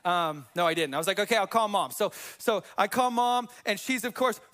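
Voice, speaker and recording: A male pastor preaching a sermon, telling personal stories in an energetic, conversational way with jokey asides to the congregation. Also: high-pitched, moderate pace. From US Pacific Northwest.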